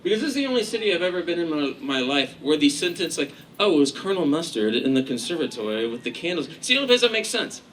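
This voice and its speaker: A man doing stand-up in a club, his voice riding high and swinging all over the place as he rambles through a profane, sarcastic set. The live recording carries a clear layer of noise under him, and he speaks into a handheld stage mic. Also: big pitch swings, quick pace, hardly any pauses, a bit bright, rough recording. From Kansas. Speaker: stand-up comedian. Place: comedy club stage with a laughing audience.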